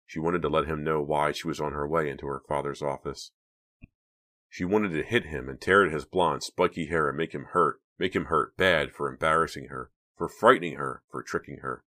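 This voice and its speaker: Very deep-voiced man narrating. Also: normal speed, bright, forceful tone. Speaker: audiobook narrator. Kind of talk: scripted narration.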